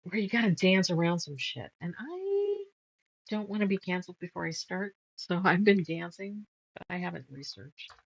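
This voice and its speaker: A woman's voice: on the low side, sing-song, normal speed, vocal fry, slightly rough, no room sound, muffled recording. A middle-aged woman chatting casually while she quilts, rambling through stories, trailing off and laughing at herself. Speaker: quilting vlogger. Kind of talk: casual chat while sewing.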